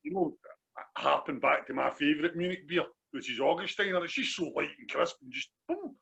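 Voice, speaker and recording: A man's voice: on the high side, very animated, brisk, creaky, bright, forceful tone, slightly rough. A Glaswegian man co-hosting a casual beer review podcast, rambling and repeating himself. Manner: rambling, repeats phrases, says "do you know what I mean". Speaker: podcast co-host. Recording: dull lo-fi sound.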